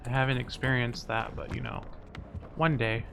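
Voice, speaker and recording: A man's voice: medium pitch, steady tone, moderate pace, gravelly, background noise. A man streaming a game, chatting casually and animatedly, cursing when frustrated. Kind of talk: casual gameplay commentary.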